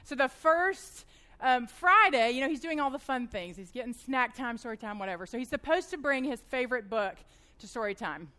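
High-pitched woman in her thirties, fast and animated, teaching a church group. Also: clear, resonant tone. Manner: fast-talking, animated storyteller. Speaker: women's Bible study teacher. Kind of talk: church teaching talk with personal stories.

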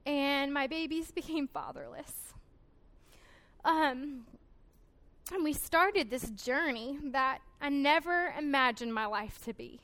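A woman's voice: high voice, slow pace, a bit bright. A young woman giving an earnest, emotional personal testimony at a conference, with frequent hesitations. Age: 20s. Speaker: conference speaker.

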